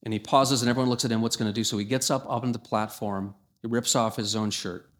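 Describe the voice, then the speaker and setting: A man preaches a sermon with an emphatic delivery. His voice sits at an ordinary male pitch and climbs higher and louder when he reads scripture aloud. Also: fairly even intonation, fast talker.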